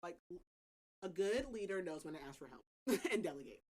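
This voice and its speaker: A woman's voice: on the low side, expressive, moderate pace, darkish tone, low-quality recording. A young adult woman hosting a podcast, recapping a novel in casual chat, laughing often and leaning on "like" as filler. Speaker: podcast host.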